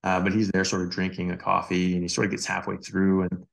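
Sounding like a doctor on a podcast, this fast-talking Australian man shares a personal anecdote in a deep, gravelly voice. He's relaxed and animated, leaning heavily on "you know" and "like" and frequently restarting his sentences.

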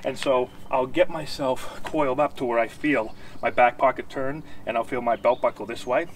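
A man's voice: mid-range voice, a bit bright, a little hiss or hum. A man coaching baseball hitting, explaining and demonstrating moves while checking that viewers follow, a little out of breath. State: slightly out of breath. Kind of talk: instructional demonstration. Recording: distant outdoor camera audio, faint ambience.

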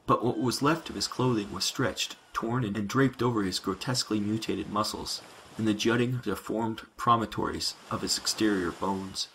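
A man narrating science fiction in a measured, dramatic reading. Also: fairly low pitch, a bit bright, a little hiss or hum, poor audio.

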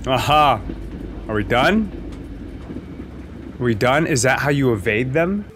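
A man doing let's play commentary, loud and cursing as he yells at the game. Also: medium pitch, expressive, a little slow, noisy background. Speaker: gaming video host. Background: game music and sounds.

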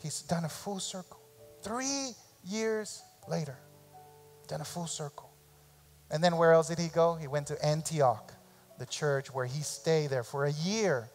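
A man preaching a sermon as pastor in a church, animated and repeating phrases for emphasis, sometimes acting out parents' voices. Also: on the high side, long reverb tail. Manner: acts out parents' voices in quick asides. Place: church sanctuary.

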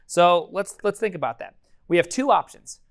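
Excitable man live-coding a tutorial. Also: high voice, normal speed. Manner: excitable, energetic, thinks aloud with many fillers and sudden upbeat exclamations. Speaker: programming course instructor.

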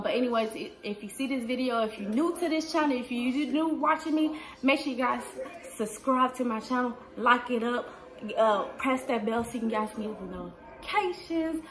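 Seorang wanita berusia dua puluhan menjawab pertanyaan penonton dengan santai di rumah, sering memakai "like" dan "um". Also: female voice, fairly high pitch, fairly bright tone. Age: 20s. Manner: chatty, fills with "like" and "um". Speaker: vlogger. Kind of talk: casual Q&A vlog. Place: indoors at home.

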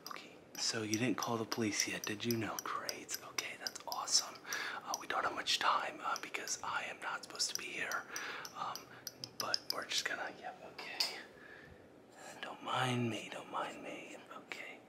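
A man's voice: lowish voice, steady tone, normal speed. Man, whispered role-play, nervous, stammering, frantic hissing, mostly whispering. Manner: frantic, nervous whispering that breaks into loud hissed commands; flustered, stammering, repeats himself. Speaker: ASMR creator.

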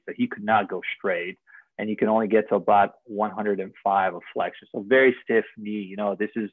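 A surgeon explaining knee surgery step by step, earnest and technical, often repeating words and numbers. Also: male voice, on the low side, no room sound. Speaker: orthopedic surgeon. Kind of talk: explaining surgery over slides in a live stream. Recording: tinny phone-like line, dry.

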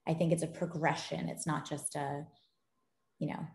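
Woman, low voice, lively storyteller, casual interview guest, echoey room. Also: moderate pace, creaky. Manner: animated storyteller, laughs often. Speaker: gaming company founder, guest. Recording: roomy echo.

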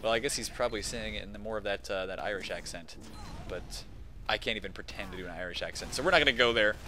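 A man shoutcasting a competitive video game match, excitable and casual, rambling between calls. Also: lowish voice, fast talker, noisy background. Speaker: esports shoutcaster. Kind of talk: play-by-play game commentary.

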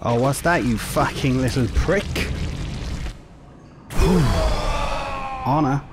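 A man giving foul-mouthed, excitable let's-play commentary over a video game. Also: mid-range voice, slow pace. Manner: profane, excitable reactions. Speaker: gaming YouTuber. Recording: game music playing loudly underneath.

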